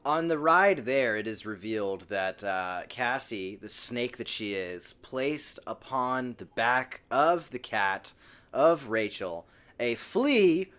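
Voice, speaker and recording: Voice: mid-range voice, lively intonation, slow pace, fairly bright tone. A podcast co-host in casual chat, retelling scenes with dry, sarcastic asides. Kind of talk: casual book recap chat.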